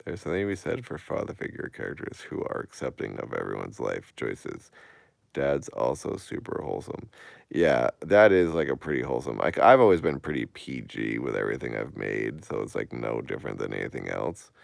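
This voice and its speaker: A man's voice: rumbling low, expressive, fairly quick, vocal fry, no echo, clean studio sound. A man in his late thirties chatting casually on a live stream, rambling and growing emphatic and incredulous. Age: 30s.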